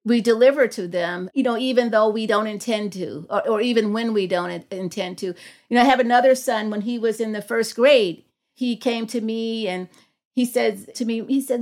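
Earnest woman telling a story, higher voice. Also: fairly even intonation, normal speed, a little mellow. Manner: earnest, reflective, acts out dialogue in a raised voice. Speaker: guest, psychology professor. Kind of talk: storytelling in a podcast conversation.

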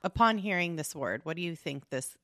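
Low-voiced joking woman co-host. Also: animated, a little fast, a bit bright, no echo, clean studio sound. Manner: joking, profane, laughs often. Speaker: podcast co-host. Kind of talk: casual chat.

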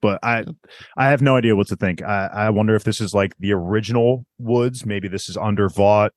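Male co-host, low register, dry close mic, energetic and rapid. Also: dry recording. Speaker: podcast co-host. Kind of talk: casual fan discussion.

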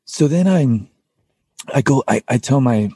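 A man's voice: mid-range voice, expressive, unhurried, mellow, slightly rough, dry recording, studio quality. A man, a podcast guest who sings in a metal band, tells a personal story in a casual, rambling way, full of "like" and "you know" and the odd swear word.

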